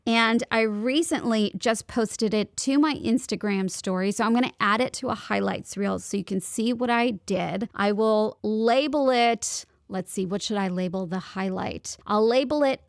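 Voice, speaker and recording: A woman's voice: medium pitch, no echo, studio quality. A young woman hosting a solo podcast, giving upbeat, chatty advice as a voiceover actor.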